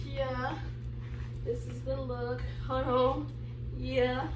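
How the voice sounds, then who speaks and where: A woman's voice: high voice, drawn-out words, noisy background. A young woman, telling a candid story time to her viewers with lots of laughter. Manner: laughing often, animated and candid, slangy. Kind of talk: casual storytime chat to viewers.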